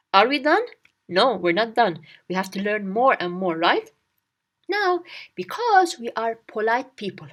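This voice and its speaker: A woman teaching a spoken language lesson, encouraging and drilling words again and again with little memory stories. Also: fairly high pitch.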